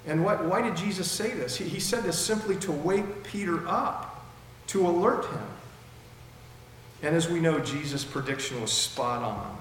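Speaking with a dry mouth, a male pastor gives an emphatic sermon whose volume swings dramatically, his voice echoing through a large hall with long reverb. His pitch is fairly high, his intonation lively, and his pace a little slow. Slight background noise is present.

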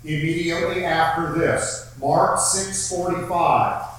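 A man preaching a sermon at a very unhurried pace, leaning on repeated phrases for emphasis. His voice sits a bit high for a man. It is heard from a distance in a large, strongly echoing hall. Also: fairly even intonation, fairly bright tone, a little hiss or hum. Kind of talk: sermon with scripture reading. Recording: very echoey room, heard from far off.

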